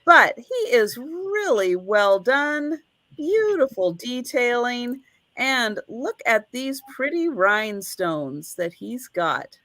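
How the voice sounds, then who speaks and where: A woman's voice: on the high side, very animated, slow, fairly bright tone, dry recording. A woman hosting a live online vintage sale, chatting and counting down bids like an auctioneer. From United States.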